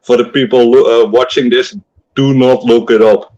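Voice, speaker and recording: A man's voice: mid-range voice, fairly even intonation, moderate pace, warm tone, lo-fi sound. A young adult man in a casual online group chat, blunt and swearing freely.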